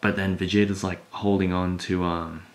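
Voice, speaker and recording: A man with a low voice talks through a comic chapter in a loose, casual way. He rambles and leans on fillers, and he gets worked up as he retells the fight scenes. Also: little pitch movement, moderate pace. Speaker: manga recap YouTuber. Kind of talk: casual spoken recap.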